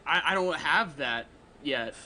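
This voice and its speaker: A man's voice: fairly high pitch, lively intonation, a little slow, pushed and bright, a little hiss or hum, low-quality recording. A man playing in a tabletop game, hesitant and stammering, swearing freely. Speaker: player. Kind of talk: casual tabletop play.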